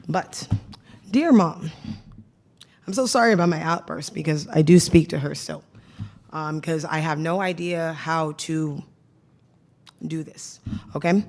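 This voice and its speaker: Emotional woman speaking at a public meeting. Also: lowish voice. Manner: heartfelt, apologetic, speaks directly to her late mother. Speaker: public commenter, educator.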